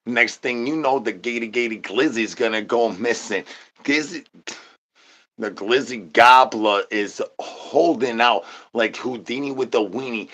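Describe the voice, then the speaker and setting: Man streamer, bright edgy tone, rambling nonsense comedy, stutters words over and over. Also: medium pitch, a little slow. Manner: sing-song rhyming catchphrases. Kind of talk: absurd comedic rant.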